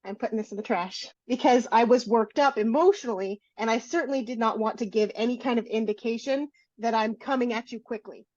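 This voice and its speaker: Candid high-voiced woman on a podcast. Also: a little fast, few pauses, darkish tone, dry recording, lo-fi sound. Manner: candid storytelling, self-deprecating. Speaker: podcast co-host. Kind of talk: casual chat.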